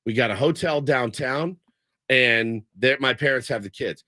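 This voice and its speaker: A man's voice: medium pitch, a little slow, bright, forceful tone, no echo. A man hosting a casual sports radio show in a studio, telling long rambling stories. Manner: rambling storyteller, imitates people he quotes. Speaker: radio host. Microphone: studio microphone.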